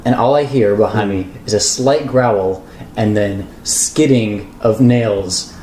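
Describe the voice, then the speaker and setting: A man's voice: fairly low pitch, takes it slowly, warm tone. A young man on a podcast, casually telling a rambling story with lots of stammers and restarts. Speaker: podcast co-host. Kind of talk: casual chat. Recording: echoey room with faint noise.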